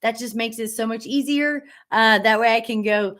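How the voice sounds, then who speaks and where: Woman host, live-stream chat, upbeat and encouraging, a little high-pitched, cheering on her viewers. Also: normal speed, fairly bright tone. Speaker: host of a live stream for women Jeep owners. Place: studio.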